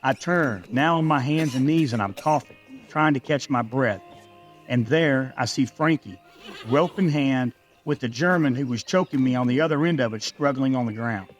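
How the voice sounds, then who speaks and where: A man reading a scripted first-person story in a steady, measured way. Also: medium pitch, faint music behind.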